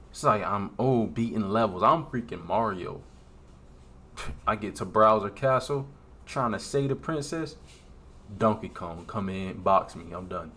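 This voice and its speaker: A young man giving an earnest, emotional, halting confessional talk in a vlog. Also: on the low side, fairly bright tone, a little hiss or hum. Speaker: faith vlogger.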